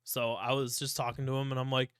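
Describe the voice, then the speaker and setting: A man's voice: mid-range voice, flat delivery, fast talker, a bit bright, smooth, dry recording, clean studio sound. A young man from Ohio, co-hosting a podcast, telling rambling stories full of swearing. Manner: profane, rambling storytelling with frequent swearing. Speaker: podcast co-host. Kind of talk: casual chat.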